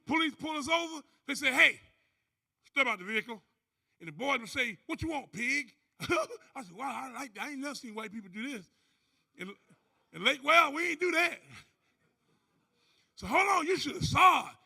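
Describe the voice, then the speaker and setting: This is a man giving a lively testimony from a conference stage. His voice sits unusually high for a man and swings widely as he acts out each character. The tone is bright and gravelly. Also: moderate pace, pauses often. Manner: animated storyteller, acting out other voices and whooping. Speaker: conference speaker. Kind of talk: motivational testimony to a live audience.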